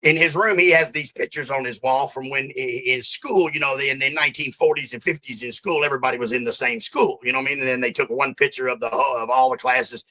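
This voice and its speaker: A man's voice: medium pitch, steady tone, fast talker, few pauses, bright, forceful tone, rough recording. A man in his fifties, born in Australia and raised in the American South, talking casually as an interview guest and rambling with lots of repeats. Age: 50s. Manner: rambling, repeats himself, says bro and man.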